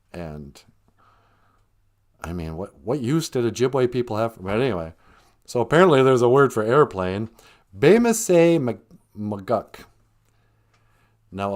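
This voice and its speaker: Slow, rambling male livestream host. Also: lowish voice, darkish tone. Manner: rambling, dry joking asides. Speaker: show host, cartoonist. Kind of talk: casual livestream chat.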